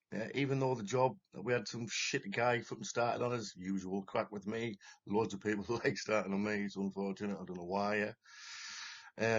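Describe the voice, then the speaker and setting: A man talks straight to the camera in a deep, raspy voice. His account rambles and keeps restarting, full of swearing and agitation. The recording sounds dull and lo-fi. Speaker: former talent show contestant telling his story. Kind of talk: unscripted monologue to camera.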